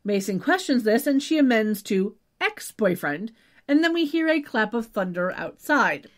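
A slightly high, sing-song female voice at an ordinary pace. She's a podcast co-host going over a TV episode conversationally, tossing in dry little asides and letting lines fade out on "just saying."

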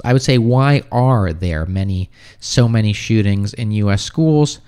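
A man's voice: on the low side, measured pace, few pauses, clear, resonant tone. Young american guy on a livestream, chill, lots of ums and restarts, answering chat questions. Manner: relaxed, reads comments aloud then answers with many fillers and restarts. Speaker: livestream host, English teacher. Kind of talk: casual livestream chat answering viewer comments.

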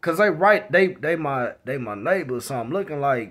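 A man's voice: medium pitch, expressive, moderate pace, fairly bright tone. A man vlogger telling a story in a casual, rambling way, repeating words and starting over.

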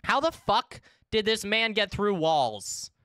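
A woman in her twenties, chatting casually and excitably with viewers while streaming a game, swearing freely. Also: mid-range voice, slow pace, no room sound, studio quality. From United States. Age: 20s. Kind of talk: casual live-stream chat.

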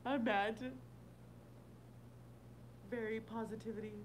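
Woman streamer, casual and foul-mouthed, reacting to chat, a bit higher-pitched, faint noise behind. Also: moderate pace, poor audio. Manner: blunt, profane, laughing often; reads and answers viewer comments. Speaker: livestream host.

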